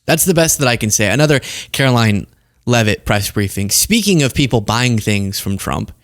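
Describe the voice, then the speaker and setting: A man's voice: mid-range voice, expressive, normal speed. A young man hosting a political commentary show, talking in a sarcastic, conversational way. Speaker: host.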